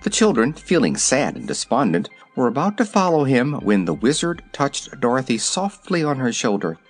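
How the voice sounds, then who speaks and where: A man reading a storybook aloud in a measured, expressive way. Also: mid-range voice, breathy edge, faint music behind. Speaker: audiobook reader. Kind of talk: storybook narration.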